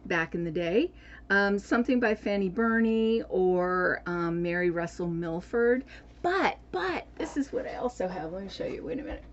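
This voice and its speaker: A woman's voice: medium pitch, expressive, normal speed, muffled recording. A woman vlogger chatting casually about books and journals, rambling with lots of fillers and restarts. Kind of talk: casual chat.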